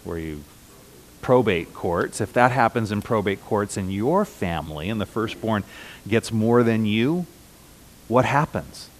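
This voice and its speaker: A middle-aged man with a slightly low voice delivers a sermon to his congregation. He teaches in a conversational way, slowing down and repeating key phrases for emphasis. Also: lively intonation. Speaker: pastor.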